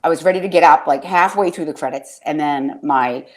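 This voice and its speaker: A woman's voice: low voice, fairly quick, darkish tone. A woman hosting a casual podcast chat, rambling through stories, swearing freely and getting emotional. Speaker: podcast host.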